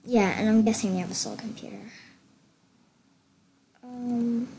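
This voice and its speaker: A young woman chatting excitedly through casual gameplay commentary, gushing and chatty. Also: fairly high pitch, unhurried, a little hiss or hum. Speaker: gamer.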